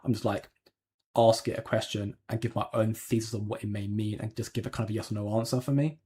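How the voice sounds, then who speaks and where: A man's voice: on the low side, steady tone, fast, dark tone, breathy edge. A man hosting a crypto livestream, chatting casually and answering viewer comments with lots of ums and restarts. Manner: rambling, hedging, frequent ums and restarts. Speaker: crypto channel host.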